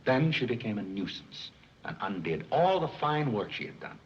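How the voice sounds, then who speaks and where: An actor playing a dignified, reserved butler who speaks in a polite, measured, formal way in a 1930s film comedy. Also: male voice, mid-range voice, very animated, a little hiss or hum, lightly acted. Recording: muffled 1930s film soundtrack with music.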